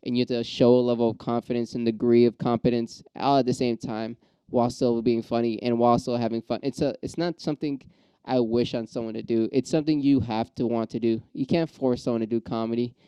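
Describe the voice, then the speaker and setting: A man's voice: medium pitch, fairly quick, smooth, dry recording, low-quality recording. A man, an aspiring stand-up comic, in a casual, profane, rambling monologue that flares up and then settles. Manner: profane, rambling ranting with restarts; gets riled up then calms.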